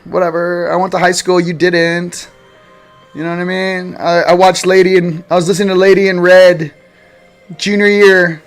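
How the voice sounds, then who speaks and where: Man host, casual livestream, high-ish voice, rambling and jokey, loud-then-quiet delivery, faint music under it. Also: flat delivery, moderate pace.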